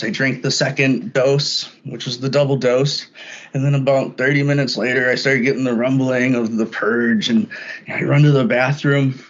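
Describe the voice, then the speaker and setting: A man talking as a podcast guest, telling a personal story in a halting way that often repeats words when starting a thought. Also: medium pitch. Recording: dull lo-fi sound.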